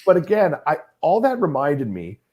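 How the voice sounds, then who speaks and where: Middle-aged male host, animated delivery, wry and teasing. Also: a little high, normal speed. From Massachusetts. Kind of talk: casual chat.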